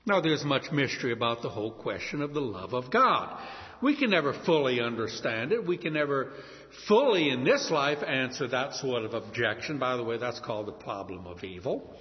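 A male pastor preaching a sermon with a dramatic delivery, slowing down to stress key words. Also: medium pitch, very animated. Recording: long reverb, dull lo-fi sound.

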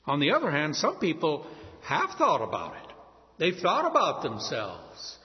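Animated male preacher in a reverberant church. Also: on the high side. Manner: dramatic, slows down to stress key words. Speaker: pastor. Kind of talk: sermon. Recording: long reverb, dull lo-fi sound.

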